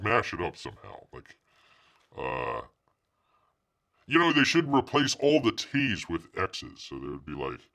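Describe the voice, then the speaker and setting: A man's voice: mid-range voice, pushed and bright. A middle-aged man hosting a live comics news stream, chatting casually and sarcastically in a rambling way. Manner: sarcastic, rambling, refers to himself as Bear. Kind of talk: casual livestream chat.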